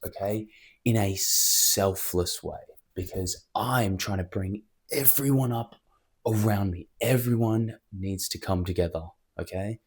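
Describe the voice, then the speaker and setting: A low-pitched man talks straight to the camera. He is fired up and emphatic, and he rambles from motivational advice into a story. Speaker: vlogger.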